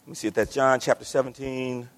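A man's voice: mid-range voice, level tone, quick pace. A man preaching a sermon as pastor, passionate, repeating his phrases and acting out the voices in his story. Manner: impassioned, repeats phrases, acts out quoted voices. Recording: long reverb of a large hall.

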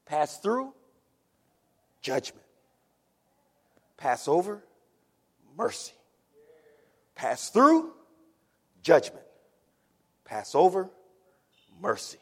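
A man preaching a sermon in a church, building from measured teaching to impassioned shouts. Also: high voice, very animated, husky. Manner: Southern preacher cadence, rising to shouts. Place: church sanctuary. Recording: long hall reverb.

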